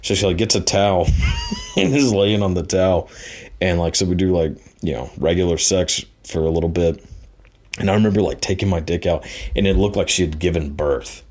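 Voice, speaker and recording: A man's voice: low voice, brisk, darkish tone, a little hiss or hum. A man telling a personal anecdote in a rambling, casual way, full of fillers and laughing at himself. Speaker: storyteller.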